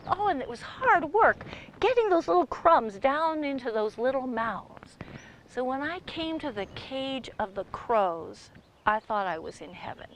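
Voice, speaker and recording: A woman storyteller telling a tale in a playful, animated way, with sound effects. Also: high voice, slight background noise, low-quality recording. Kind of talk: oral storytelling performance.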